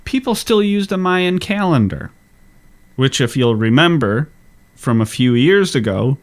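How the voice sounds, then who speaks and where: A man hosting a history podcast, explaining in a relaxed, casual way and wrapping up the show. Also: medium pitch, unhurried. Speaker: podcast host.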